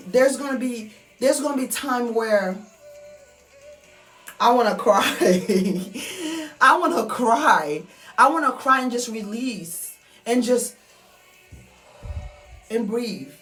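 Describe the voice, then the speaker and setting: Woman, heartfelt personal monologue, somewhat high voice, distant mic, faint music underneath. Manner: earnest, repetitive, heartfelt. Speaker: vlogger.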